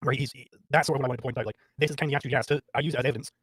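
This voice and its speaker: Husky, fast-talking male podcast guest. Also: mid-range voice, steady tone, a bit bright, dry recording. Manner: explanatory, halting restarts. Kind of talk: casual podcast conversation.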